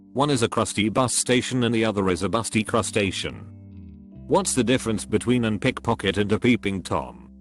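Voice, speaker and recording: Lively low-voiced man reading jokes. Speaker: narrator of a reddit joke compilation. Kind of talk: scripted narration.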